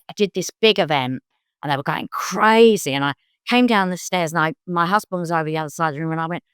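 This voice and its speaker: Recorded in clean studio sound without echo, an older London woman appears as a psychic guest and tells stories conversationally. She's animated, breaking into high-pitched bursts to act out what others said.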